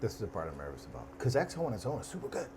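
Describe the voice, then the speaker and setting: A man's voice: on the low side, wildly swooping pitch, rapid-fire. A man hosting a casual cooking show, who talks through a recipe in a playful, jokey way and riffs off the dish as he goes. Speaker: host and cook. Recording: audible background noise.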